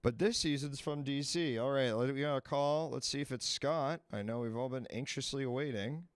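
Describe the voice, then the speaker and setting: A man's voice: medium pitch, moderate pace, smooth, no room sound. Loose, rambling male stream host. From Washington, D.C. area. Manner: loose, rambling, swears freely. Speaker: livestream advice show host. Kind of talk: casual live-stream chat.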